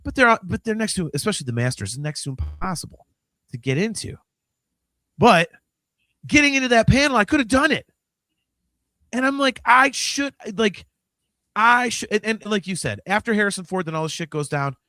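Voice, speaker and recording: Animated fifty-year-old man, dry mic. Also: high-pitched, normal speed, pauses often, dry recording. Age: 50s. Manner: animated, swings from mumbling to loud outbursts; swears freely. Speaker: podcast host. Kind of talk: casual chat.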